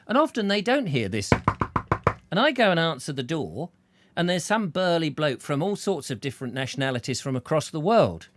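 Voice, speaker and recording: A man's voice: fairly high pitch, sing-song, a little fast, slight background noise. A man hosting a casual chat show, joking and rambling through anecdotes. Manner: chatty, jokey, rambling anecdotes with put-on voices. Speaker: host.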